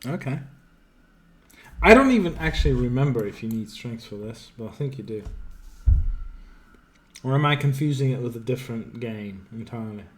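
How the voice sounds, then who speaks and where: A man's voice: mid-range voice, expressive, moderate pace, pauses often. A man streaming a video game, thinking aloud and swearing freely in casual commentary.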